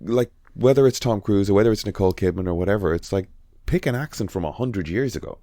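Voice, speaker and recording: A man's voice: lowish voice, expressive, quick pace, dark tone, no room sound, clean studio sound. An Irish man co-hosting a podcast in casual chat, rambling and swearing freely with lots of restarts. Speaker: podcast co-host.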